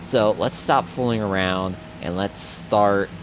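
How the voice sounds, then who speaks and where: A man's voice: lowish voice, takes it slowly, background noise. A young man giving casual gameplay commentary as a streamer, chatty and rambling. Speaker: gaming streamer.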